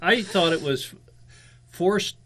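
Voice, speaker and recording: A man's voice: high voice, lively intonation, slow pace, heavy background noise. A male co-host making joking, teasing asides in a casual chat.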